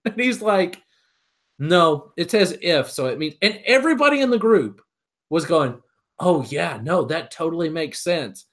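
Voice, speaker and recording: A man's voice: on the high side, brisk. Guy telling a story in casual chat, voice jumps all over, does little voices for people. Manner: animated storyteller, mimics voices in anecdotes.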